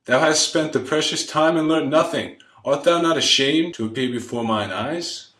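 A stern aged count with a fierce temper, as a male narrator puts him on. He speaks in slow, archaic commands with a lowish voice, and the reading echoes around a roomy space. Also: close to an everyday voice. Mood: furious. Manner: archaic, commanding, thundering when angry. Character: stern old count, quick to rage.

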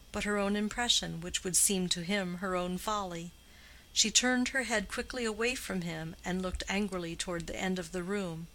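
A woman reads literary narration in a measured, even way. Her voice sits a bit low yet sounds bright and forceful. The delivery is steady, scripted storytelling. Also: poor audio. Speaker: audiobook narrator.

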